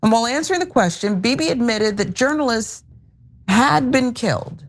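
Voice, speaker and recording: A woman co-hosting a political show, reading out news reports in a measured, informational way. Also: fairly high pitch, expressive. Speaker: co-host.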